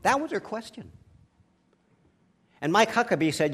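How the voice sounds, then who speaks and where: High-pitched, lively preaching pastor. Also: male voice, a little slow, slightly rough. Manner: preachy, emphatic delivery with rising and falling volume; tells anecdotes with chuckles. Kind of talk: sermon.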